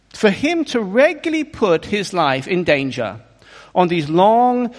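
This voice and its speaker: A man preaches a sermon in a church hall with long reverb behind his voice. He speaks high and swings widely in pitch, earnest and emphatic. He keeps putting rhetorical questions to his listeners.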